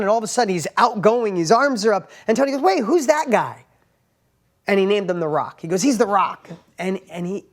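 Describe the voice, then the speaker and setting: Animated man giving a casual motivational talk. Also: high voice. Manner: animated, emphatic storytelling with rising bursts and hushed asides; plain everyday wording, frequent "right?" tags. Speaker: motivational speaker and entrepreneur host.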